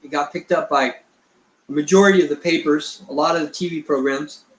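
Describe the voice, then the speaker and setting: Brisk and steady, with a fairly high pitch, the middle-aged man is a guest Bigfoot researcher being interviewed. He recounts a meandering story, playing out the quoted dialogue himself, and the recording echoes.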